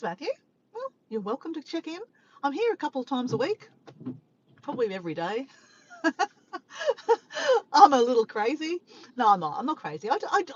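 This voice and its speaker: Chatty woman live streaming, lively pitch. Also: lo-fi sound, slight background noise. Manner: chatty, laughs often, playful teasing. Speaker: live-stream host reading viewer comments. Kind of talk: casual live-stream chat. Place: in a car parked by the beach.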